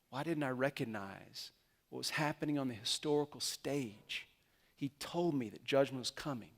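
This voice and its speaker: A man preaching a sermon as pastor, retelling a story and acting out the characters' lines in quick quotes. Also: medium pitch.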